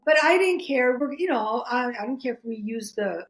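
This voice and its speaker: A middle-aged woman, a podcast guest, telling a personal story in animated casual talk. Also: fairly high pitch, moderate pace, soft background music, low-quality recording. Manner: animated, chatty, acts out quoted voices.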